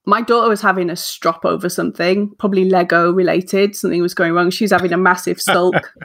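A woman in her forties, guesting as an author on a casual podcast interview, tells an energetic story, acting out her own self-talk and laughing at herself. Her voice is lowish, gravelly, and a bit bright, fast with fairly even intonation.

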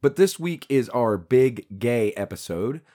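A man's voice: medium pitch, lively intonation, measured pace, mellow. A man from the States, co-hosting a podcast in rambling, self-deprecating casual chat. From Southern United States. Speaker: podcast co-host.

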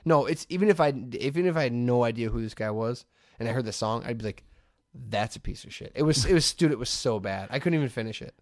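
A man's voice: medium pitch, lively intonation, fast talker, dry recording, studio quality. A man co-hosting a casual comedy podcast, blunt and sarcastic, swearing freely. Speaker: podcast co-host.

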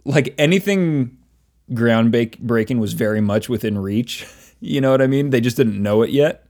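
A man's voice: medium pitch, moderate pace, darkish tone. Chatty man, laughing between rambling thoughts. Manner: laughs often, many fillers and restarts. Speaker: podcast co-host. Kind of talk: casual chat.

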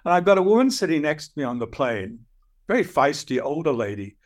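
An older man with an Australian accent, a guest telling animated stories and acting out voices. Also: fairly high pitch, a little fast. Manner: lively anecdotal storyteller, acts out voices. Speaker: guest, dream teacher. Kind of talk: animated storytelling.

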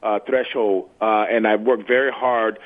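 A man's voice: fairly low pitch, flat delivery, measured pace. A man in his sixties, a former football player, speaking earnestly as a guest in a phone interview and often repeating words as he searches for them. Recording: tinny phone line.

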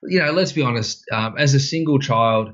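Man, podcast co-host, animated rambling stories, muffled recording. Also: medium pitch, moderate pace. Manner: rambling storyteller with fillers, animated re-enactments. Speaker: podcast co-host, wellness expert. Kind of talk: casual podcast chat.

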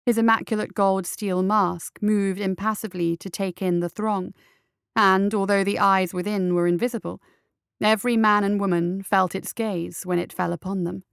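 A woman narrating an audiobook in a steady, measured storytelling manner. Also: medium pitch, creaky, clean tone, no room sound, clean studio sound.

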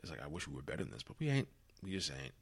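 Very low, gravelly tired young man. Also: big pitch swings, rapid-fire, no echo. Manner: weary, rambling, swears freely, drops into whispers. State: worn out. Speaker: podcast host. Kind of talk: solo reflective monologue.

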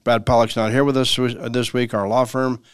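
A man's voice: mid-range voice, little pitch movement, moderate pace, clear, resonant tone, no echo, clean studio sound. A man, a lawyer hosting a legal radio show, giving conversational legal advice in an emphatic, repetitive way, sometimes acting out everyday dialogues.

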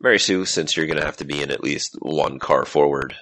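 Very deep-voiced man running a game. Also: brisk. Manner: relaxed, explanatory narration. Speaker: game master. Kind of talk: narrating a tabletop game.

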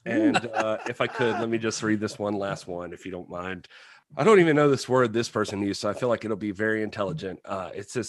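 A man's voice: on the low side, a little fast. A man hosting a casual podcast, easygoing and often laughing. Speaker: host. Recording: roomy echo.

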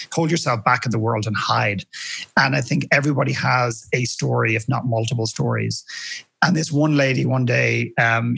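A man speaking as a guest coach in a podcast interview, telling a story in an animated way and acting out the voices he quotes. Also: mid-range voice, gravelly, breathy edge.

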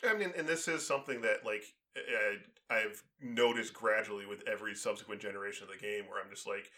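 A man's voice: fairly low pitch, a little fast, hardly any pauses, bright, forceful tone. A man in casual chat, talking in a rambling way and filling his sentences with "like" and "um". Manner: rambling, full of "like" and "um".

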